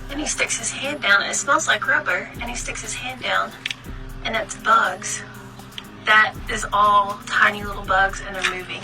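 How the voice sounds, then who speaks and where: Excited woman recounting, from afar. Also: mid-range voice, normal speed. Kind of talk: casual recounting. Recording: distant phone video with music.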